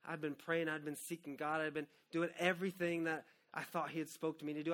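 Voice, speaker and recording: Bright-voiced preaching man. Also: on the high side, steady tone, fast, few pauses. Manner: earnest, personal preaching, swinging from hushed to loud. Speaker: pastor. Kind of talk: sermon.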